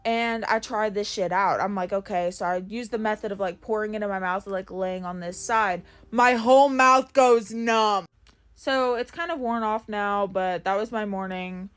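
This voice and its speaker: A woman's voice: medium pitch, steady tone, moderate pace, hardly any pauses, clear, resonant tone. A woman telling a casual, chatty personal story with sarcastic, self-deprecating jokes. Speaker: storytime TikToker.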